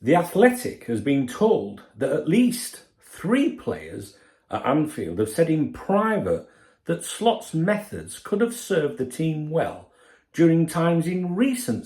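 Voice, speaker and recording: A man's voice: mid-range voice, darkish tone, reverberant. A man hosting a football channel, giving a blunt, sweary opinion rant straight to his viewers. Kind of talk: casual opinion commentary.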